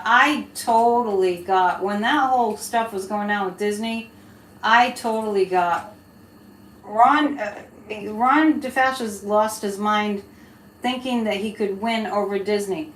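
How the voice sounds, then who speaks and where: A woman's voice: medium pitch, a little slow. A woman hosting a live-stream psychic reading, chatting loosely with viewers and laughing between remarks. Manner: chatty, laughing, rambling asides to chat. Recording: echoey room, faint background hiss.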